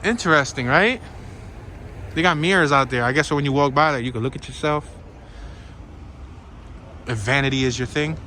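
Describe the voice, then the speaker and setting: A man narrating a casual walking tour through town, talking to viewers in an excitable, slangy way. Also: medium pitch, normal speed, long pauses. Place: outdoors on town streets. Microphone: handheld camera on a gimbal. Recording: outdoor street noise.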